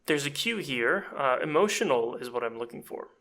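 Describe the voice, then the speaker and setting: A man giving a chatty, self-deprecating audio editing tutorial, explaining step by step as he clicks through software. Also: mid-range voice, expressive, moderate pace. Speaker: voice actor and casting director.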